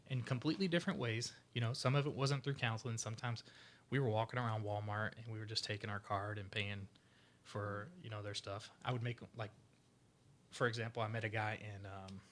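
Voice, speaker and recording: Guy in his 40s on a podcast, kinda low voice, rambly animated storyteller, lots of um and you know. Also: a little hiss or hum. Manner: animated storyteller, loosely phrased with fillers. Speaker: podcast guest, veteran charity founder. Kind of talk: casual storytelling interview.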